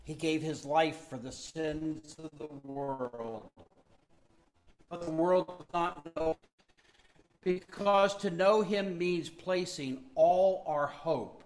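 Male pastor, mid-high voice, slow deliberate sermon delivery, emphatic. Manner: emphatic, slowing down on key words, dropping to a soft hush; admits his own weariness.

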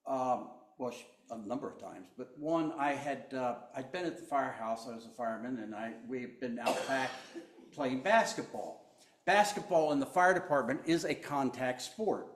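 A man preaching a sermon, slow and deliberate, swinging between loud emphasis and hushed tones. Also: medium pitch, roomy sound. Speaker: pastor.

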